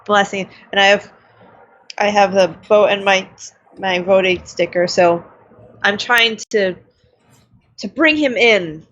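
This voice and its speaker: A woman's voice: mid-range voice, takes it slowly, long pauses, fairly bright tone, muffled recording. A woman co-hosting a casual live-stream podcast, talking in a fretful, chatty, self-deprecating way. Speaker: podcast co-host.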